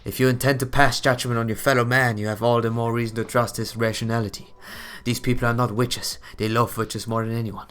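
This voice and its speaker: A man's voice: mid-range voice, level tone, fairly quick, a bit bright, lightly acted. A defiant young executioner, as a man voices him in a game, argues his case in court with firm, earnest conviction. His voice is slightly raised and insistent.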